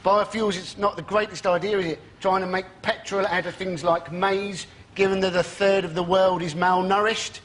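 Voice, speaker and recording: Dry, very high-voiced male comedian. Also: fairly even intonation, normal speed, few pauses, fairly bright tone. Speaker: comedy panelist. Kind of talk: comic panel banter. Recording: TV studio with background noise.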